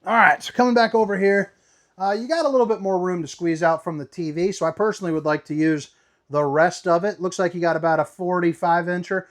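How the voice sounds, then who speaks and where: This RV tour host has a high voice with fairly even intonation and a brisk pace. Leading a relaxed walkthrough inside a travel trailer, he stays upbeat and playful, drops slangy asides, and calls his viewers "baby."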